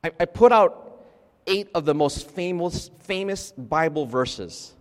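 A pastor preaches conversationally in a fairly high, animated, unhurried voice, checking in with his congregation through frequent "right?" asides and restarting his sentences as he goes. The recording carries the long reverb of a large hall.

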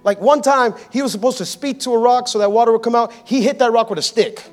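A male pastor delivering an energetic, playful sermon, calling out to the congregation. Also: very high voice, quick pace, soft background music. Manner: energetic, playful preaching with audience call-outs.

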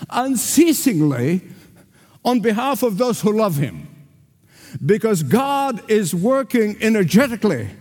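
A man's voice: high voice, darkish tone. An older man preaching a sermon as pastor, emphatic and repetitive, calling out to the congregation for responses. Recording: reverberant hall.

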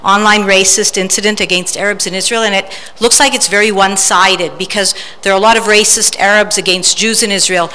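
A woman's voice: medium pitch, fairly even intonation, fairly quick, few pauses, sharp tone. A woman in the audience asking an earnest, hesitant question.

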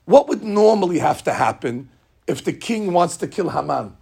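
A man giving a lively, jokey storytelling lesson as a religious teacher. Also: sits high, normal speed, gravelly, slightly rough. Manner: lively, jokey, acts out scenes.

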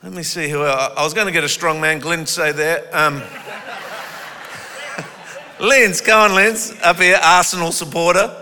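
Guy preaching in an echoey church hall, high voice, slow and playful then forceful. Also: noisy background. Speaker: pastor. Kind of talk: sermon with audience participation.

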